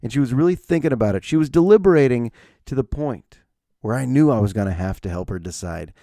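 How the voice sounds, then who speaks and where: A man in his forties hosts a solo podcast, spinning everyday stories with sarcasm and acting out the people in them. His pitch leaps up and down as he tells them. His tone is mellow, and the sound is dry and close. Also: lively intonation, fast talker, no echo. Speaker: podcast host. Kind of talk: casual solo storytelling.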